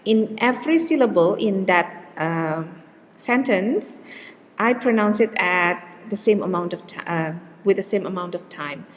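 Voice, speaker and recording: A woman's voice: mid-range voice, in a large hall, a little hiss or hum. A woman with an Indonesian accent giving a recorded linguistics lecture, explaining step by step with frequent fillers and self-corrections.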